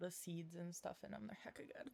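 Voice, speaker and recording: A woman's voice: fairly low pitch, fairly quick, creaky, mellow. A woman streaming a video game live, chatting casually and giggly as she plays. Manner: chatty, giggly, fan-gushing.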